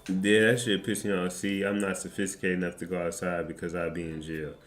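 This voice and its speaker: A man's voice: low voice, flat delivery, a little fast. A man streaming, telling a rambling, profane story in a casual way and laughing often. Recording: echoey room with background music.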